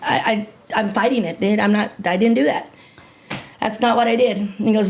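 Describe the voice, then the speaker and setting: A woman's voice: medium pitch, fairly even intonation, brisk, a little mellow. A middle-aged woman, a podcast guest, telling a story in a blunt, profane, casual way, often quoting herself. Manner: blunt and profane, with lots of filler and self-quoting.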